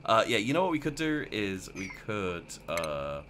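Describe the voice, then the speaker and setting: A man's voice: lowish voice, very animated, unhurried, background noise. A man casually commentating his gameplay, rambling and mocking himself as he plays. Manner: rambling, self-mocking, talks to himself while playing. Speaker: let's play gamer.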